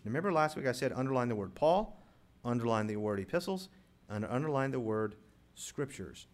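A man pastor preaching a sermon, reading scripture slowly and swelling loudly on key words as he teaches his congregation. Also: medium pitch, lively intonation. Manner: emphatic preacher, rising loud on key words, slows to read scripture. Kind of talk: sermon with live props.

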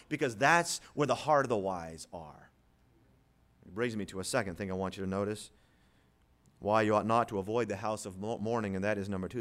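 Preaching at a slightly quick clip, the man moves from booming rhetorical questions into hushed, subdued passages. He also plays out what imagined listeners might say.

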